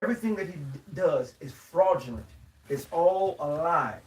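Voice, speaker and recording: A man's voice: fairly high pitch, normal speed, a little mellow. A man telling a story about a car in a group chat, repeating his words, and later reading scripture aloud. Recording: echoey room, distant mic, faint noise.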